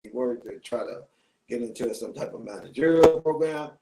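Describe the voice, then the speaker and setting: A man's voice: mid-range voice, normal speed, distant mic, very noisy. Rambling man talking off-mic in an echoey room. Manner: rambling, repeats himself, frequent ums and restarts. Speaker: guest host. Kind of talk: casual live-stream talk.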